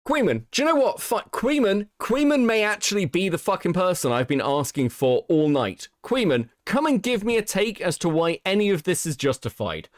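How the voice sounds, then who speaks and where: A man's voice: sits high, big pitch swings, moderate pace, hardly any pauses, dry recording, studio quality. A man hosting a livestream, talking casually in a profane, exasperated rant. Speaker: stream host.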